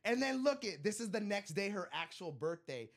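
A man with a slightly high voice tells a long story on a casual podcast. He rambles along and swears freely, and he leans on "like" and "bro" as he goes. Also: sing-song, moderate pace. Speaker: podcast co-host. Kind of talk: casual chat.

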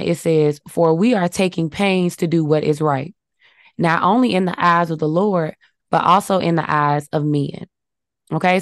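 Woman podcast cohost, lower voice, dry close sound, reads bible verses and goes point by point. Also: dry recording. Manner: warm affirming, reads verses, teaches in numbered points. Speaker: podcast co-host. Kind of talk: casual faith talk with scripture.

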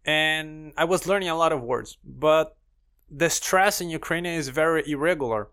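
A man's voice: on the high side, normal speed, fairly bright tone, clear, resonant tone. A man hosting a podcast, chatting casually in non-native English and asking his guest questions. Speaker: podcast host. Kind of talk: casual interview chat.

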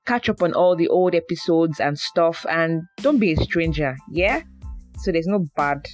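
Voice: medium pitch, moderate pace, soft background music. A podcast host with a Nigerian accent talking to listeners in a chatty, playful monologue, often repeating words for emphasis. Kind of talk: casual monologue.

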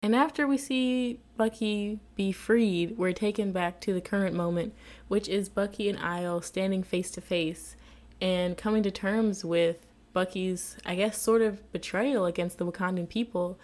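A woman giving a chatty, expressive recap of a TV episode, laughing often as she talks. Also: mid-range voice, a little slow. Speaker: TV episode reviewer.

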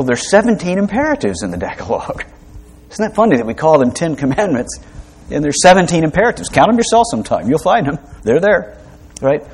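A man preaches with a mid-pitched voice, explaining scripture in a relaxed, conversational way. He drops in light humor and rhetorical questions, and often pauses with fillers and restarts. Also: breathy edge. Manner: conversational teaching with asides and humor. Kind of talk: sermon.

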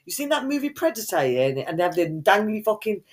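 A woman's voice: mid-range voice, sing-song, quick pace. A woman, co-hosting a podcast in foul-mouthed, mock-insulting banter. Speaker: podcast co-host.

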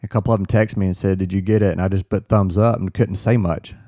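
A man, a firefighter guest, telling an earnest story in casual chat, halting and restarting as he quotes what others said. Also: deep voice, steady tone, dark tone, dry recording, clean studio sound.

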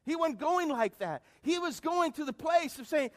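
A middle-aged man preaching a sermon, calling out to the congregation and swinging between loud appeals and hushed lines. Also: extremely high pitch, animated, moderate pace, hardly any pauses. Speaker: pastor.

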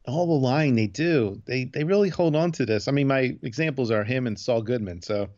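A man's voice: mid-range voice, moderate pace, darkish tone, no room sound, lo-fi sound. A man chatting casually as a podcast host, rambling through a retelling of a TV episode and loosely acting out the quotes. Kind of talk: casual chat recapping a TV episode.

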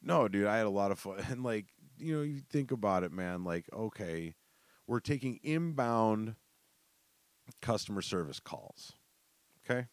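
Young man with a deep voice, loose and profane, a laughing storyteller. Close, dry recording. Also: lively intonation, unhurried, no room sound. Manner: loose, profane, laughs through his stories. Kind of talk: casual storytelling.

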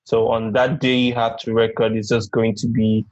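A man's voice: mid-range voice, little pitch movement, moderate pace, a little mellow, no room sound. A man guest on a podcast, explaining at length in a friendly casual chat. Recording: dull, dry sound.

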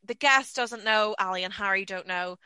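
A woman's voice: mid-range voice, normal speed, bright, forceful tone, clean tone, dry recording. A woman hosting a podcast, chatty and playful as she introduces the game. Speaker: podcast host. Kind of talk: casual podcast chat.

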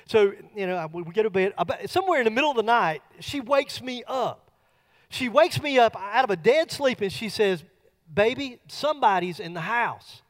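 A middle-aged man preaching a sermon, telling a folksy personal story that builds to loud bursts. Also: sits high, expressive, fairly quick.

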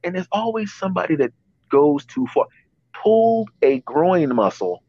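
His voice is high-pitched and warm, swinging widely in pitch at a moderate pace, as this podcast host in his fifties rambles and keeps restarting his stories. The audio is dry and dull.

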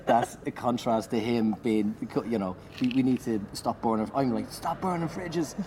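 A man, a comedian, telling an animated anecdote in conversation, swearing and shouting out the lines he acts. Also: on the low side, normal speed, a crowd in the background. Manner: animated, swearing, loud acted-out bursts. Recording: noisy background.

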